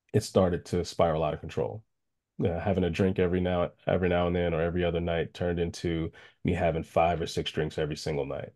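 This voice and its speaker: A man of about forty, from the Chicago area, tells a personal story as a guest speaker on a video call. He speaks earnestly and haltingly, with many fillers and restarts. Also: low voice, mellow. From Chicago area, United States.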